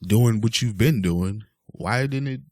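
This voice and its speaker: Low-voiced man ranting casually. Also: unhurried, a little mellow, no echo, studio quality. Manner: exasperated, rambling with many fillers. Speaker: vlogger. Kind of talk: casual rant to camera.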